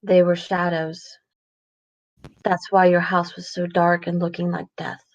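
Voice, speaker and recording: A woman's voice: on the low side, completely flat delivery, measured pace, no echo. A woman playing a tabletop game, matter-of-fact. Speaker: player. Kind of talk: casual tabletop play. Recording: dull lo-fi mic, dry.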